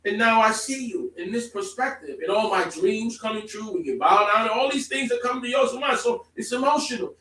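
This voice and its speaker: A man preaching a sermon to a congregation, emphatic, moving from calm explaining to loud exclamations. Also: sits high, fairly quick, few pauses. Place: congregation hall. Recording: echoey room, from far off.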